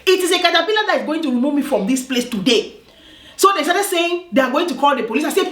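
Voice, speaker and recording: High-voiced African woman, emphatic storyteller. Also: expressive, fast, very noisy. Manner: emphatic, repeats words, often asks "do you understand?". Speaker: vlogger telling a personal story. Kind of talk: animated storytelling vlog. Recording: roomy echo.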